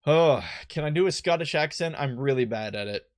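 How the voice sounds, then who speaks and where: A man's voice: mid-range voice, lively intonation, fairly quick, no echo. A man hosting a let's play, chatting casually and reading game text aloud with asides.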